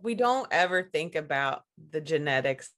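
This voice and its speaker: A woman's voice: sits low, expressive, normal speed, fairly bright tone. A woman talking frankly in a casual chat, laughing often as she makes her points.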